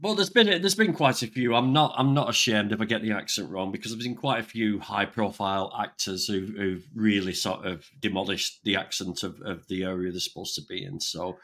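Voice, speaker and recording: Relaxed man chatting. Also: fairly low pitch, fairly quick, hardly any pauses. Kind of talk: casual chat.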